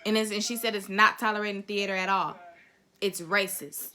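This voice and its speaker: A woman's voice: mid-range voice, steady tone, moderate pace, bright, forceful tone. A young woman vlogger giving a heated, profane opinion rant straight to camera, blunt and emphatic.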